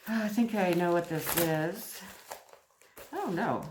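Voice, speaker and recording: A woman's voice: fairly low pitch, takes it slowly. A woman vlogger chatting through a crochet mail unboxing, gushing and giggly. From Canada. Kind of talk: casual unboxing vlog. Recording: echoey room with noise.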